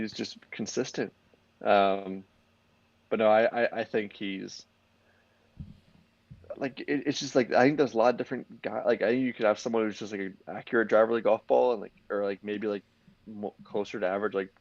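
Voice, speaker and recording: A man's voice: lowish voice, steady tone, normal speed, darkish tone, no echo, muffled recording. A young man co-hosting a podcast, chatting casually and rambling with lots of "like" and restarts. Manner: rambling, heavy use of "like", many restarts. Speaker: podcast co-host. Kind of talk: casual sports chat.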